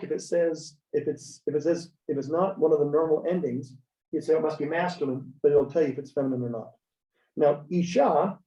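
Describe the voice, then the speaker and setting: A man's voice: fairly high pitch, dark tone. A man teaching a beginner language class, chatty and tossing "okay?" after each point, having students repeat after him. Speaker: Hebrew teacher. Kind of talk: classroom lecture. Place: church classroom. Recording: roomy, distant, dull lo-fi sound.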